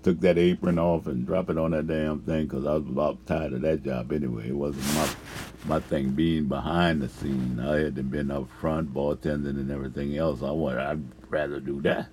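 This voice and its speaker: With an extremely low, darkish, steady voice at a moderate pace, a man tells a wandering, profane story about his past jobs. He laughs a lot and lets sentences trail off into fillers, with slight background noise behind him.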